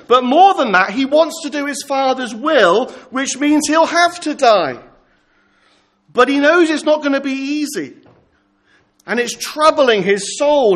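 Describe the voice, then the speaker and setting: A man preaching an earnest pastoral sermon, slowing down to dwell on scripture quotations. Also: very high voice, a bit bright.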